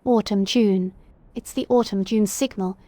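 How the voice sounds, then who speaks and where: A woman's voice: mid-range voice, steady tone, unhurried, warm tone, no echo. A woman streamer, still a little sick, playfully reading chat messages aloud in casual livestream talk.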